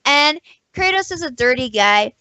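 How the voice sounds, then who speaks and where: Bright, bubbly young woman telling a story. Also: high-pitched, no echo, rough recording. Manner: animated storytelling, acts out both sides of conversations, quick restarts. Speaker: podcast co-host. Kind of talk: casual chat.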